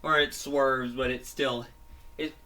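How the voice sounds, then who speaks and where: A man's voice: mid-range voice, steady tone, takes it slowly, pushed and bright. A man casually retelling a monster story of his own, rambling with frequent restarts and fillers, at home with his grandmother nearby.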